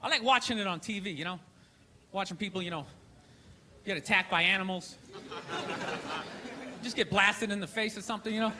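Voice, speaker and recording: Ranting stand-up comedian, very high voice. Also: male voice, brisk, long pauses. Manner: loud, ranting, shouting punchlines and acting out characters. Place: theater stage before a live audience. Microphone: handheld stage mic. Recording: live stage recording with crowd laughter and noise.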